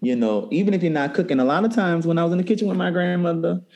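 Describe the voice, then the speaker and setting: Dark-toned man, animated therapist guest. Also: on the high side, rapid-fire, dull audio. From New Orleans. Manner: warm, animated storytelling with frequent restarts. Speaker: therapist and cookbook author. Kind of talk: interview conversation.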